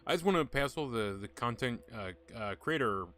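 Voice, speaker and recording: A man's voice: mid-range voice, animated, moderate pace, fairly bright tone. A man giving rambling, offhand let's-play commentary as a game streamer, swearing freely.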